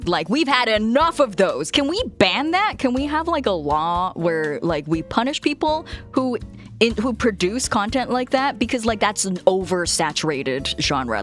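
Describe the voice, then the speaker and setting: A woman streamer chatting casually and frankly with her viewers, laughing often as she tells stories. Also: medium pitch. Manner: frank, giggly, animated storytelling. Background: faint music.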